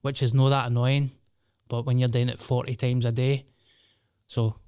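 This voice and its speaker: A man's voice: mid-range voice, flat delivery, moderate pace, mellow, clear, resonant tone, no room sound, clean studio sound. A Glaswegian man in his thirties hosting a solo podcast, rambling and swearing in a jokey, casual way. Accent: Scottish, Glasgow. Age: 30s. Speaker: podcast host.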